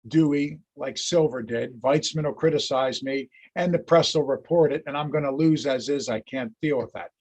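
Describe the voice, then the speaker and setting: A man voicing a blunt, jokey old-time male US president with a Missouri drawl, in a lower voice than his own. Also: moderate pace, hardly any pauses, darkish tone, husky. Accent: Missouri drawl, as put on. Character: folksy plainspoken male US president, gruff.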